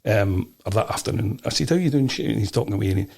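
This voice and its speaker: A middle-aged Scottish man chats as a podcast guest, his voice gravelly and rough at the edges. He tells long stories in an animated way, stumbling over restarts and doubling his words. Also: lowish voice, fast talker. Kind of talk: casual storytelling interview.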